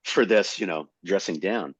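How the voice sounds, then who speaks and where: A man in his sixties from Florida, a comedian guest telling animated stories in casual conversation. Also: low voice, moderate pace, breathy edge, no echo. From Tampa, Florida. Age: 60s. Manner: animated storyteller. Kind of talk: casual storytelling. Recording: dull, slightly lo-fi dry recording.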